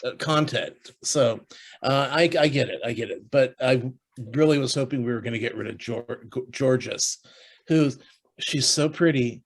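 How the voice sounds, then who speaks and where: A man in easy podcast chatter who trips over his own words, restarting sentences and filling gaps with "uh" and "you know." His voice sits at an ordinary middle pitch, and he sounds like he is thinking out loud with a friend. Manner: halting, many restarts and fillers. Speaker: podcast co-host. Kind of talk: casual chat.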